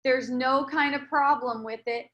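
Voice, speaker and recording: A woman leading a casual spiritual dialogue, speaking gently and reassuringly with many restarts. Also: high voice, steady tone, measured pace, dull audio. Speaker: spiritual teacher.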